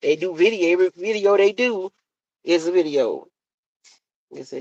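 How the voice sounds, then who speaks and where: A woman's voice: fairly low pitch, expressive, moderate pace, pauses often, darkish tone, dull audio. A middle-aged woman chatting casually to her live-stream viewers, repeating herself and laughing easily. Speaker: live-stream content creator.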